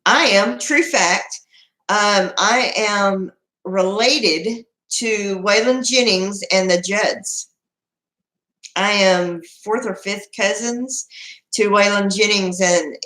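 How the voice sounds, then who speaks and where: Slow-talking Texan woman host. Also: mid-range voice, bright, forceful tone, echoey room. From Texas. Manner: chatty, proud, laughs often, restarts sentences. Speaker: live chat host. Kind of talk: casual live chat reading viewer comments.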